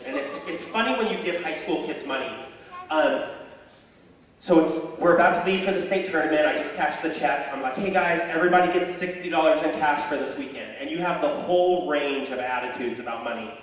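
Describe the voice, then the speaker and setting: A young man doing a stand-up comedy set, telling stories in an animated way and yelling some lines in a high voice. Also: fairly quick. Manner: animated storytelling with high yelled voices for characters. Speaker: stand-up comedian and high school tennis coach. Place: high school auditorium with live audience. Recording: echoey hall, distant mic, audience noise.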